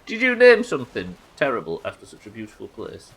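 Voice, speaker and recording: A man's voice: medium pitch, wildly swooping pitch, brisk, fairly bright tone, husky, poor audio. A young man streaming a game live, chatting to viewers and thinking aloud as he plays, swearing freely. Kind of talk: live gameplay commentary.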